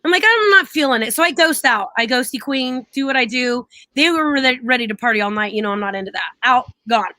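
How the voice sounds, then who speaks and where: Bright, high-voiced woman telling stories. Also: brisk, hardly any pauses, dry recording. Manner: animated storyteller, laughs often, acts out quotes. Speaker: co-host. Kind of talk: casual live-stream chat.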